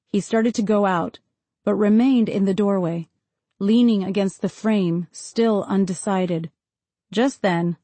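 A woman narrates a literary novel in a calm, measured audiobook reading. Her voice is mellow and warm, sitting at a middle pitch. The recording is close and dry, with no room sound. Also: dry recording. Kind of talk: scripted narration.

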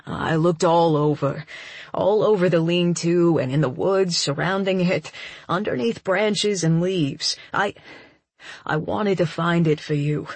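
A woman voicing a gentle young man who speaks softly and haltingly, full of quiet guilt. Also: slightly rough, no echo. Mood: remorseful. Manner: soft, halting, low-key.

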